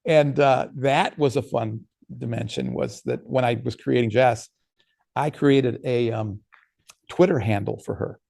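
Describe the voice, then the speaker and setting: A man's voice: medium pitch, measured pace, vocal fry, a little mellow. A man, an author, giving a casual workshop talk and answering questions, telling stories in a conversational way with frequent restarts.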